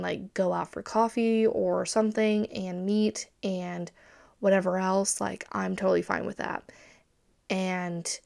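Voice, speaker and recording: A woman's voice: medium pitch, vocal fry, darkish tone. A young woman hosting a personal podcast, talking candidly and bluntly about family, with occasional swearing. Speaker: podcast host.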